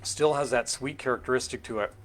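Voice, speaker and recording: A middle-aged man from California's Central Valley hosts a relaxed cocktail-making stream. He talks at an ordinary pitch for a man, musing out loud with many fillers and restarts. His delivery is loose and conversational rather than scripted. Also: fairly quick, faint music behind. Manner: rambling, thinking aloud with fillers and self-corrections. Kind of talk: casual live-stream chat while mixing drinks.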